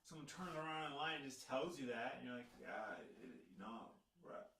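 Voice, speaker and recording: Playful man, bright voice, distant. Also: mid-range voice, lively intonation, normal speed. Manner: playful, jokey storyteller. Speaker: live stream co-host. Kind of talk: casual chat. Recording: echoey room, away from mic.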